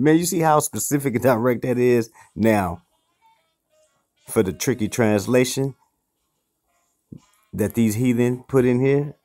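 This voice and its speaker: A man with a fairly low voice and a gritty, creaky edge teaches an informal Bible study. He works through each word, repeats and restarts his phrases, and keeps checking in with the listener. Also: a little mellow. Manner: checks in with the listener with "okay" and "you see".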